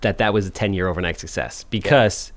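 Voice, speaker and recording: A man's voice: sits low, fairly quick. A man hosting a podcast, asking questions in a casual, emphatic and upbeat way. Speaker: podcast host. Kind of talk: casual interview chat.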